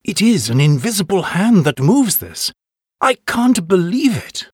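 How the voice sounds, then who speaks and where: A man's voice: on the high side, wildly swooping pitch, measured pace, slightly rough, dry recording, studio quality, voice pushed up, heavily acted. A man reading the lines of an awed, earnest tribal chief with emphatic, wondering exclamations in a textbook recording. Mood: amazed.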